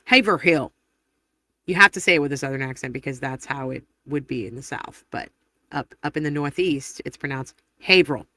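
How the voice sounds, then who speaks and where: A chatty woman hosts a live stream, reading viewer comments aloud in a rambling way. Her voice is bright and forceful. The sound is dry and close, with no room echo. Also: very deep voice, little pitch movement. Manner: chatty and rambling, quick laughs and self-corrections. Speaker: livestream host.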